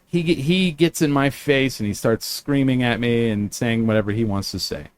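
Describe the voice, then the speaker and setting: A man's voice: medium pitch, moderate pace, clear, resonant tone. A man hosting a casual chat, telling a story with lots of fillers and restarts. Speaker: podcast host.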